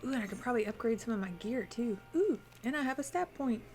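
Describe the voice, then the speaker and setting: A woman's voice: fairly high pitch, lively intonation, quick pace, darkish tone, a little hiss or hum. A woman streaming a video game, chatting casually and thinking aloud as she plays and answers her chat. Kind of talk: casual live-stream commentary while playing.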